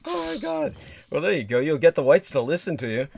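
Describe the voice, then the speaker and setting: A man's voice: a little high, huge pitch swings, fairly quick, gravelly, a little mellow, slight background noise. A man hosting a livestream in casual, rambling chat who swears freely and drifts into asides. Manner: rambling, profane, jumps between asides. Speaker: livestream host.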